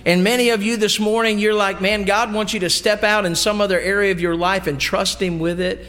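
A man's voice: high-pitched, fairly even intonation, a little fast, fairly bright tone, in a large hall. A middle-aged man preaching a sermon in a church, folksy and emphatic, with homey asides. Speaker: pastor. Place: church sanctuary.

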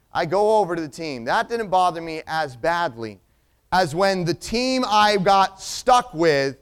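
A man telling a personal story as a sermon illustration, animated and acting out the people in it. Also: high voice, clean tone.

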